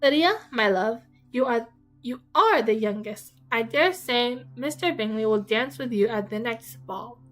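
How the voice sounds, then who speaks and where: A woman voicing a fretful, excitable middle-aged mother, complaining in a shrill, fussy way. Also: unhurried, faint music behind, low-quality recording. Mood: fussing.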